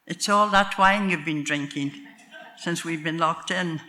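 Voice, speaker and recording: A woman's voice: on the low side, measured pace, pushed and bright. An older woman with a Northern Irish accent voicing her plain-spoken, grumbling older husband in a told story.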